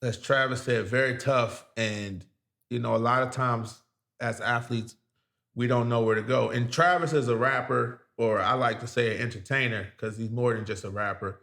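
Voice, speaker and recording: A man hosting a podcast, asking his guest questions in a laid-back, halting way. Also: mid-range voice, steady tone, vocal fry, a bit bright, echoey room. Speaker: podcast host. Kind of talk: casual interview.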